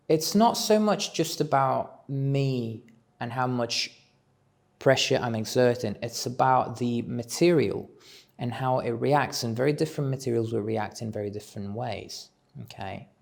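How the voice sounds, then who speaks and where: Man, reflective monologue at home; slow, thoughtful, voice with a bit of fry. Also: mid-range voice. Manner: measured, musing, thinks aloud. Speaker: speaker on self-development. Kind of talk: reflective solo talk.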